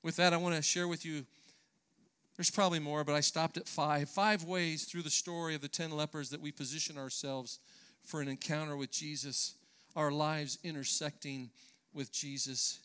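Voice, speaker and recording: A man's voice: fairly high pitch, steady tone, moderate pace, a bit bright, clean tone. A man preaching a sermon in church, earnest and emphatic, sometimes restarting his phrases. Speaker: pastor.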